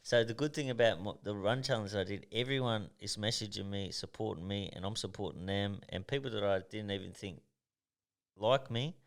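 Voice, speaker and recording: A man's voice: lowish voice, brisk, creaky. Blunt, sweary Australian man. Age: 30s. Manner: blunt and swearing, animated storytelling. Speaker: professional boxer guest. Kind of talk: casual podcast interview.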